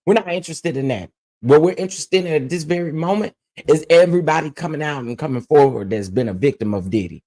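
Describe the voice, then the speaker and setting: A male commentary host sounds off in a casual, heated rant. His voice sits slightly higher than most men's, and he keeps his delivery blunt and insistent. He drives each point home by repeating it. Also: expressive, a little fast, a little mellow.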